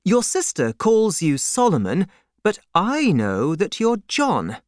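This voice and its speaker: Brief: a woman playing a blunt, probing manservant, lifting pitch, slow, dry sound, storybook. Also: huge pitch swings, darkish tone, no echo, exaggerated voice. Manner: pointed, questioning.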